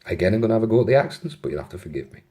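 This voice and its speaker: A man's voice: lowish voice, very animated, racing, mellow. A man casually telling a funny anecdote, often chuckling and adding apologetic asides. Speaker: storyteller.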